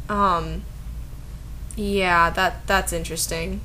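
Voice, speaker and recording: A woman's voice: mid-range voice, measured pace, bright, forceful tone, a little hiss or hum. A young woman giving a comedic dramatic reading with sarcastic, incredulous commentary. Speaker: video commentator.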